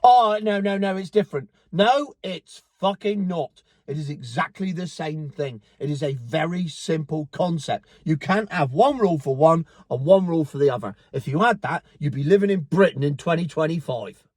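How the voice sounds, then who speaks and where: A Cornish man rants to camera, sarcastic and liberal with swearing. His voice sits fairly high for a man and the sound is dry and close. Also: expressive, moderate pace, hardly any pauses, a little mellow, no echo. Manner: ranting, profane, sarcastic. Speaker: vlogger. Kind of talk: angry opinion rant to camera.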